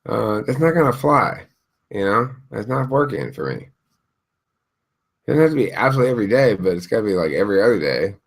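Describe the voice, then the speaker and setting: A man's voice: lowish voice, sing-song, fairly quick, creaky. A man in casual chat, talking bluntly and crudely, with emphatic, opinionated delivery.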